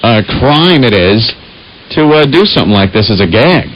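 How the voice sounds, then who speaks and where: A man's voice: mid-range voice, big pitch swings, fairly bright tone, muffled recording, slight background noise. Wisecracking male radio co-host. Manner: wisecracking, mimics people in quick voices. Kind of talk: talk radio banter.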